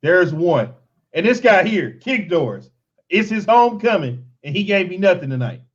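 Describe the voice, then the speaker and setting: Man, casual sports chat host, animated and exasperated, higher voice, muffled sound. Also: moderate pace. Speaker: fan show host.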